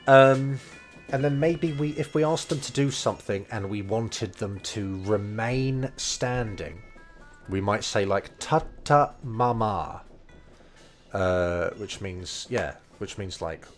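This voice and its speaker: Man, unhurried low voice, hedging explainer tone over soft music. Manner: thinks aloud, hedging, many fillers. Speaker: language learning streamer. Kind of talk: casual explanation of game dialogue.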